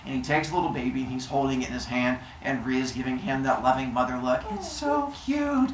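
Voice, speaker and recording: Speaking quickly in a mid-range, flat voice, this male storyteller jokes his way through myths before a live crowd, pausing to quiz them along the way. The mic sits far off in a reverberant room, and a little noise lingers underneath.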